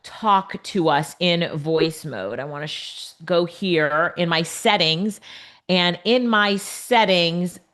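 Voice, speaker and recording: Brief: middle-aged woman instructor, low-ish voice, upbeat and chatty, live webinar on a computer mic. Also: slow, fairly bright tone. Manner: upbeat, laughs often, chatty asides to the viewers. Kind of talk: live online teaching demo. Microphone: computer mic on a video call.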